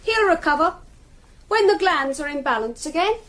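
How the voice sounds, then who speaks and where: A woman voicing a cold, superior, unnerving child in a radio drama, speaking in flat, clipped, condescending tones. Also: extremely high pitch, normal speed, slight background noise. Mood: icy.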